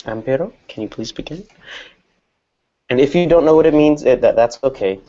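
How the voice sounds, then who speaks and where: A man's voice: mid-range voice, animated, brisk, mellow, highs cut off. A man teaching an English class, explaining patiently and repeating example words.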